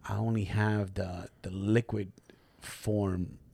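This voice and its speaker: A man's voice: on the low side, slow pace, creaky. A man hosting a podcast, telling a story casually with lots of swearing and acting out the people in it. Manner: profane, animated, acts out quoted voices. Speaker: podcast host.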